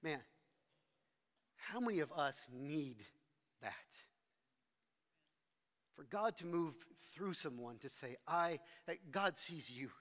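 High-voiced male pastor preaching in a hall. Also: lively intonation, takes it slowly, pauses often, fairly bright tone. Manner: conversational, self-deprecating storytelling with frequent restarts. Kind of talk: sermon.

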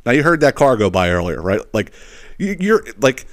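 A man holding forth alone on his podcast, swearing freely and sounding fed up. His voice sits at an ordinary pitch for a man, neither high nor low. He rants in a running, conversational way, pausing to check in with his listeners. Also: very animated, fairly bright tone. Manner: profane, exasperated, punctuated with "okay?". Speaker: podcast host. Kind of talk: ranting solo storytelling.

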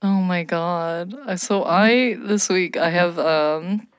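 A woman from Canada telling a funny story in casual chat, animated, swearing and shouting out quoted lines. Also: fairly low pitch, slow pace, crowd noise.

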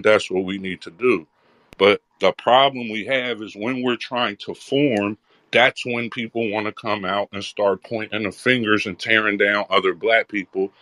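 A man holds the floor in an online audio room, talking earnestly in a repeating, preaching rhythm. His voice sits low, and the sound is dry and close with no room around it. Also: bright, forceful tone, no room sound. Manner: earnest, repetitive, preaching cadence. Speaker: speaker in a live audio room. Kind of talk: impassioned conversational address.

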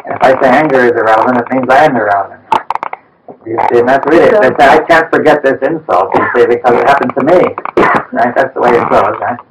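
A man reasoning aloud in a philosophical dialogue, halting and searching, with many restarts and a steady "you see". His voice sits at an ordinary pitch for a man. The mic is some way off, so he sounds distant. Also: heavy background noise.

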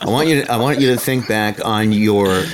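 A man hosting a casual sports chat, animated and rambling, with restarts and the odd swear. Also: lowish voice, normal speed, crowd noise.

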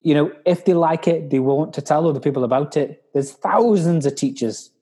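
Guy hosting a podcast, blunt and sweary, plays out other people's lines, mellow warm tone. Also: fairly high pitch, moderate pace, slightly rough. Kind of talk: casual chat.

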